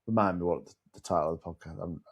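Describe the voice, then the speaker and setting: Male podcast host, lower voice, relaxed, reflective, a little hesitant. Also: rapid-fire, muffled recording. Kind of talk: casual business podcast chat.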